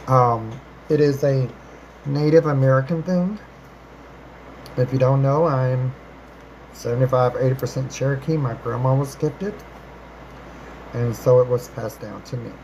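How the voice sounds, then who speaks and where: Answering viewer questions during a relaxed live stream, an affectionate host keeps saying darling and baby, her rambling, repetitive speech spiking upward in pitch on greetings. Her mid-range voice has a darkish tone, and the rough recording has faint noise underneath.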